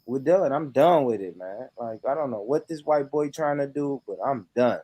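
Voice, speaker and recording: A man's voice: mid-range voice, lively intonation, normal speed, crowd noise. An American man streaming a casual reaction chat, laughing often and swearing emphatically. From United States.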